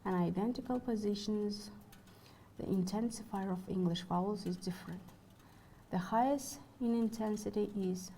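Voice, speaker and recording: A woman giving a recorded university lecture. She reads from notes in a careful, measured way. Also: medium pitch, dark tone, a little hiss or hum.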